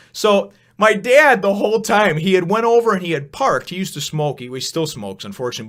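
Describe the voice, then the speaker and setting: A man's voice: on the high side, fairly bright tone. A young man from Chicago telling a long, rambling personal story in a casual vlog, with frequent asides and swearing.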